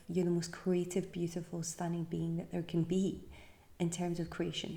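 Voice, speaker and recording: A tired woman from the UK hosting a podcast, giving casual, encouraging advice and often dropping into a soft, breathy near-whisper. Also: on the low side, level tone, normal speed. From United Kingdom. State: tired, yawning. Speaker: podcast host.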